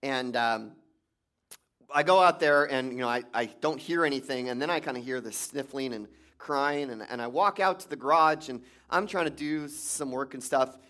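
A man's voice: mid-range voice, normal speed, fairly bright tone. A man, a pastor, giving a sermon in a conversational storytelling way with restarts.

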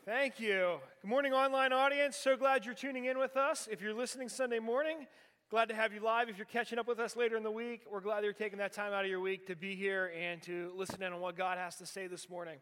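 A pastor about forty years old preaches in a church sanctuary, recounting a candid personal story with self-deprecating humor. His high-pitched voice is smooth and fairly bright, with a steady tone and quick pace, and the church gives it long hall reverb.

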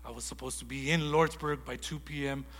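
A man preaching a sermon in a lively storytelling way, acting out conversations as he goes. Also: mid-range voice, a little fast, in a large hall. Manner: animated storytelling, acts out dialogue. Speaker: guest preacher.

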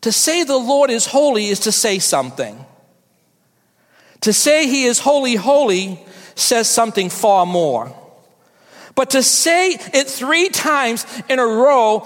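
A woman pastor delivering a sermon to her church, with slow, emphatic preaching and repetition for effect. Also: sits high, very animated, in a large hall.

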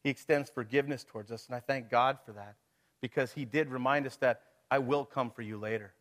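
A man's voice: mid-range voice, a little fast, a bit bright. A middle-aged man preaching a sermon to his congregation, talking it through casually, with rhetorical questions and chuckles. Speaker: pastor.

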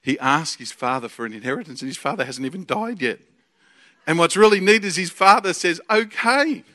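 A man with an Australian accent preaching a sermon, excitable and jokey, swinging from loud bursts to quiet asides. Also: a little high, fairly quick. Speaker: preacher and Bible college teacher.

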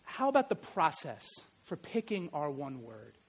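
A middle-aged man preaching a sermon, telling stories in a lively way and swinging from loud to quiet. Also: on the high side, measured pace, slightly rough. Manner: animated storytelling, varies loudness widely. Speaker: pastor and history teacher.

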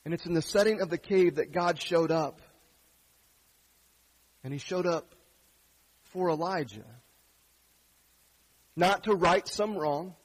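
A male pastor giving a sermon, asking gentle, earnest questions of his congregation. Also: high-pitched, slow, pauses often, poor audio.

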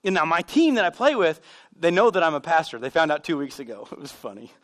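High-voiced pastor preaching. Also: male voice, quick pace. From United States. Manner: animated storytelling with self-deprecating humor. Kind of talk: sermon. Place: church sanctuary.

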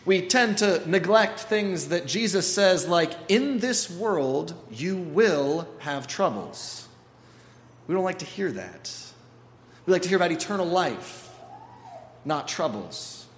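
A man preaching a sermon as pastor, animated and acting out the voices he quotes. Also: on the high side, a little hiss or hum. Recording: echoey hall with faint ambience.

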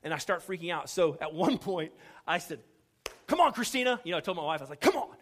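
A middle-aged man from Houston preaches through a personal story. His voice sits a little high, and he acts out each quoted line while poking fun at himself. It is a lively, humorous sermon delivery. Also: fast talker. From Houston, Texas. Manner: animated storyteller acting out quoted dialogue, self-deprecating humor. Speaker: pastor.

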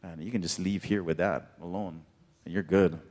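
A man's voice: low-pitched, steady tone, normal speed, a little mellow. A man preaching a casual sermon in a laid-back, chatty way, full of filler words. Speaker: pastor. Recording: reverberant hall.

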